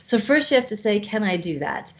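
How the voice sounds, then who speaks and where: A woman's voice: medium pitch, big pitch swings, fairly quick. A woman over fifty co-hosting a show, giving frank, coaching advice with casual swearing. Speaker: co-host. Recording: slightly dull lo-fi sound.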